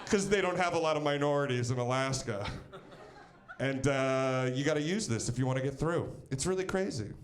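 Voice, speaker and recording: A man's voice: medium pitch, a little fast. A man from Pennsylvania doing a stand-up comedy set with a punchy, wry storytelling delivery. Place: comedy stage.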